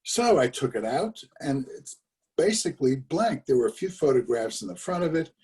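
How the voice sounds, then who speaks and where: A man's voice: on the high side, sing-song, moderate pace, darkish tone, distant mic. An older man telling a family story in a conversational way, over a video call, with fillers and emphatic repetitions. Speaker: speaker telling his father's story.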